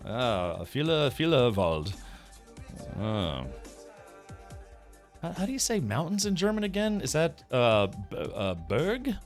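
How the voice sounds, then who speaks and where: A man on a game live stream, reading update notes aloud and chatting with viewers in a halting way with frequent restarts. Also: medium pitch. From United States.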